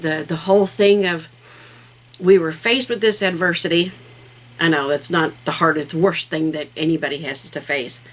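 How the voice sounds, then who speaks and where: A woman's voice: lowish voice, a bit bright, low-quality recording. A middle-aged woman hosting a casual craft vlog, talking in a rambling, heartfelt way with plenty of fillers. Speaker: craft channel host.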